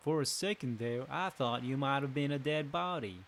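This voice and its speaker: A man putting on a gruff villager with an accent. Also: mid-range voice, moderate pace, fairly bright tone, a little hiss or hum, close to an everyday voice. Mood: concerned. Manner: put-on accent, read-out game dialogue.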